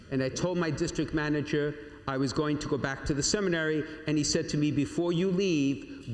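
A priest preaching to young confirmation candidates, his slightly high voice slowing down on key words. He tells a personal story with dramatic pauses. The sound rings through a large, echoing church. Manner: storytelling, addresses listeners as "my young friends"; dramatic pauses and slowed emphasis. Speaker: Catholic priest. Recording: echoey church with long reverb.

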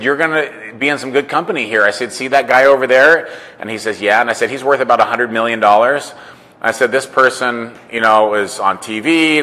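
Man telling a story, bright voice, reverberant. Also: mid-range voice. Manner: conversational, repeats "I said", acts out quoted dialogue. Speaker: entrepreneur and coach. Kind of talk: casual storytelling monologue.

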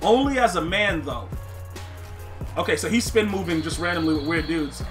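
A man giving casual, slangy live commentary on a football video game, excitable, laughing often and talking to his chat. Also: on the high side, normal speed, faint music behind. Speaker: gaming streamer.

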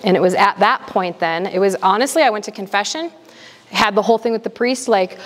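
A woman's voice: mid-range voice, fairly bright tone. Earnest woman speaker in a reverberant hall. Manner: earnest, candid, quick bursts. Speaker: guest speaker. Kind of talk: casual Q&A talk.

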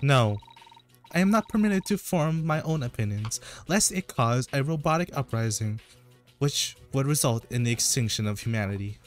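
A performer in a live fan dub voicing a polite, literal-minded female combat android who talks in flat, formal robotic phrasing. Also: mid-range voice, moderate pace, soft background music, natural voice. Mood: deadpan.

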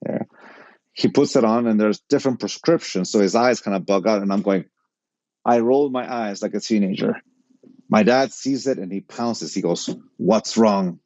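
A middle-aged man tells a personal story with a mellow, dark-toned voice and acts out each line of dialogue. The sound is close and dry, a little dull and lo-fi. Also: on the low side, normal speed, no room sound. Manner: animated anecdote-telling, quotes people in dialogue. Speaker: podcast guest.

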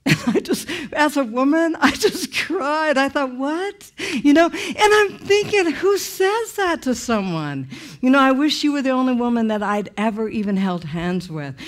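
A middle-aged woman giving a testimony sermon with animated storytelling. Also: high-pitched, moderate pace. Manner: animated storytelling, laughing through the telling. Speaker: speaker sharing her testimony.

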